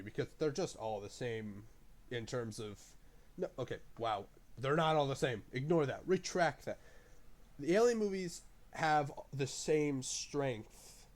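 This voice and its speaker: A man talking through a film review in a loose, unscripted ramble. He swears freely and his voice jumps up in excited bursts of praise before settling back down. His pitch sits in a middling range. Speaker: movie reviewer.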